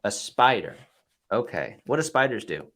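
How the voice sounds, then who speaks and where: Young dad host goofing around w his little kid, voice bounces up and down a lot, soft and coaxing. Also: medium pitch, sing-song, normal speed, noisy background. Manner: gentle, playful, coaxing. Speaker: podcast host. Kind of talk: casual chat with his toddler son.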